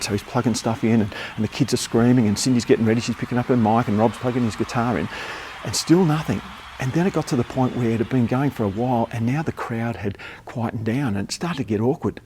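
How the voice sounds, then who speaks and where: Fast-talking man telling a story. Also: medium pitch, breathy edge. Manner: lively, acts out voices in his tales. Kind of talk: spoken personal story. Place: the venue where the story happened.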